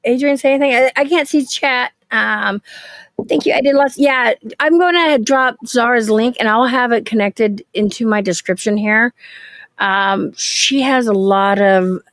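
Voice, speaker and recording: Chatty woman host, quick and high. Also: a bit bright, no room sound. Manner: chatty, quick, with fillers and laughs. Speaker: livestream host. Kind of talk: casual video-call chat.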